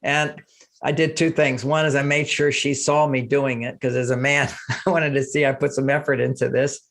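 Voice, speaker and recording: An older man, a relationship author, talking casually in an interview, animated and acting out quoted speech. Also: mid-range voice, moderate pace, gravelly.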